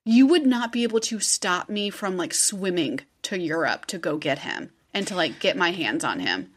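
A woman's voice: on the low side, lively intonation, normal speed. Woman, podcast host, casual storytelling, chatty, swears. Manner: chatty, swears, acts out quotes. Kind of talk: casual true-crime podcast chat.

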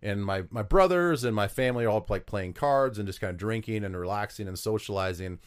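This lowish, clear, resonant voice moves a little fast. It belongs to an ex-pro footballer from South Dakota who rambles through interview stories, full of fillers and false starts.

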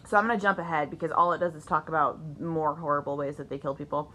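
A woman's voice: fairly even intonation, quick pace, bright, forceful tone. A woman co-hosting a casual podcast, swearing freely and reading an article aloud. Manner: swearing, giggly, reads in a lowered voice. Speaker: podcast co-host.

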